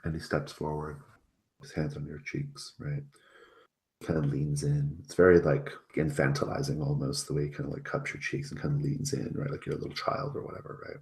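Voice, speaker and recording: Very deep-voiced man running a game. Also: little pitch movement, brisk, creaky, darkish tone. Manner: casual, many filler words. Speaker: game master. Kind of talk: narrating a tabletop game.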